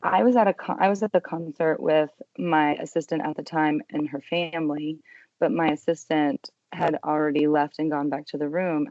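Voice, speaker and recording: A young adult woman telling her story as a podcast guest, earnest and emotional, dropping to a hush when quoting herself. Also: deep voice, dry recording, dull audio. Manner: earnest, emotional retelling with quiet hushed quotes. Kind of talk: personal testimony in an interview.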